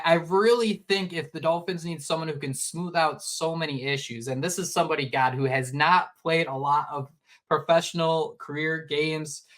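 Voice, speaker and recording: A man co-hosting a sports podcast in casual chat, animated and rambling with frequent restarts. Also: a little high. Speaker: podcast co-host.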